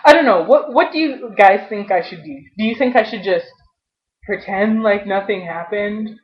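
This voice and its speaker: Young adult woman vlogger, mid-pitch, venting to camera in stops and starts, lo-fi audio. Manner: frustrated, halting, many restarts. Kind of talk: personal vlog rant. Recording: dull lo-fi webcam audio.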